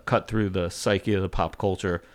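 A man's voice: low-pitched, fairly even intonation, moderate pace. A man talking as a guest on a podcast, rambling, with many restarts and fillers. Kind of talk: casual podcast chat.

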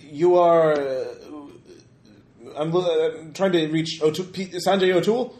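Man voicing a male bodyguard, Arabic accent, formal, halting, raised voice, roomy echo. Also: fairly high pitch, darkish tone, voice pushed up, close to an everyday voice. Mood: wary pleading. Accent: Arabic-accented English. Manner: hesitant, stiff and formal.

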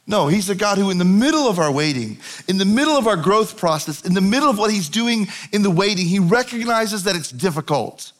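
A man with a notably high speaking voice preaches a sermon and retells a Bible story. He speaks conversationally with lively storytelling and the odd casual aside to the congregation. His delivery is warm toward listeners but informal. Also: a little fast, few pauses. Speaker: pastor.

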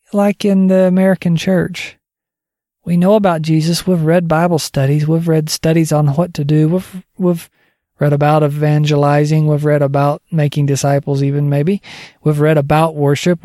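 A man's voice: fairly high pitch, steady tone, moderate pace, mellow, no room sound, clean studio sound. A man hosting a ministry podcast, giving an informal teaching talk in a conversational, folksy way and repeating phrases for emphasis.

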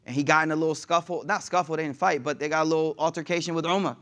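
A man preaching with a high voice at a fast clip. He speaks in a casual, slangy way, reciting Arabic lines and then translating them for his listeners. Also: steady tone, a bit bright. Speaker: Islamic preacher. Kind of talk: sermon.

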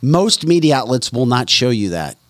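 An indignant man hosting a political talk show, hammering his points and repeating phrases for emphasis. His voice sits at an ordinary male pitch, and the sound is close and dry with no room around it. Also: sing-song, moderate pace, a bit bright, no room sound. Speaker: show host.

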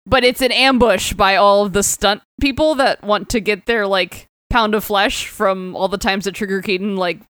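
Woman, casual podcast chat, smooth clear voice, dry close sound, laughs often, does character voices. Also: medium pitch, fairly even intonation, moderate pace, hardly any pauses, fairly bright tone, dry recording. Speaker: podcast co-host. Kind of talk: casual chat recapping a comic.

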